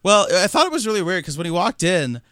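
A man's voice: sits high, sing-song, fast talker, pushed and bright, no echo, studio quality. A young man co-hosting a podcast, chatting about a movie in a jokey way, laughing often and swearing now and then. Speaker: podcast co-host. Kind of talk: casual movie chat.

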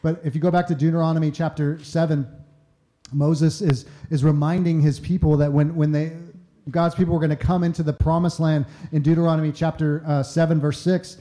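A man's voice: fairly high pitch, level tone, brisk, mellow. A man preaching a conversational sermon, often acting out quoted voices and repeating words as he starts sentences. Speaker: pastor.

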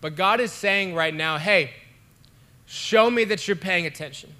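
A man's voice: sits high, unhurried, pushed and bright. A young man giving an online sermon as a pastor, talking in a casual, conversational way with lots of fillers.

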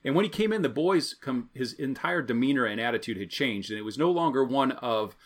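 Man, pastor, sermon, conversational storytelling, repeats key points, mid-pitched voice. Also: lively intonation, fairly quick.

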